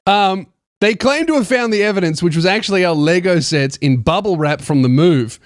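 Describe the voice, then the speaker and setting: A man's voice: high-pitched, moderate pace, no echo, clean studio sound. A man hosting a comedy podcast, reading a listener's story aloud and riffing on it with crude, mocking jokes. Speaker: podcast host.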